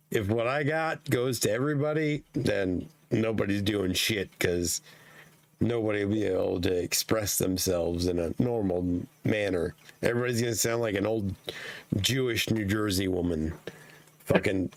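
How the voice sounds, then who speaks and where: A man co-hosting a casual show, hoarse and losing his voice, swearing and joking as he signs off. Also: on the low side, no room sound. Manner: profane, joking. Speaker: podcast co-host. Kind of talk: casual chat.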